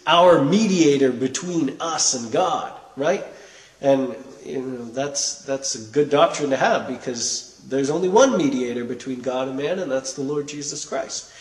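A man preaching a conversational sermon, earnest and explanatory, pausing to restart his thoughts. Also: fairly high pitch. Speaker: pastor. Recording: echoey room.

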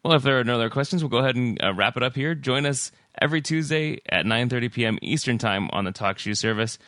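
An American man hosting a podcast, talking in a relaxed way with many fillers and reading out the show's contact details. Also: mid-range voice, fast talker, no echo. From United States. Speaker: podcast host. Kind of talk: casual chat and show outro.

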